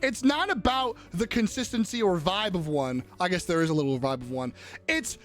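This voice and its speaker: A man's voice: sits high, moderate pace, soft background music. A young man live-streaming in casual chat, crudely joking and riffing on messages from his viewers.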